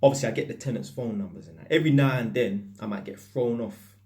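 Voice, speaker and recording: A fast-talking electrician with a lowish voice tells stories to camera, his British accent full of London street slang. His storytelling is casual, lively, and anecdotal.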